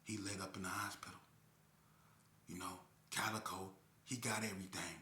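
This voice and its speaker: A man spins a crime story in casual slang, acting out gunshots and blows with vocal sound effects. His voice is very bright and forceful. The recording has a roomy echo. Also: deep voice, flat delivery, normal speed, a little hiss or hum. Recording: echoey room.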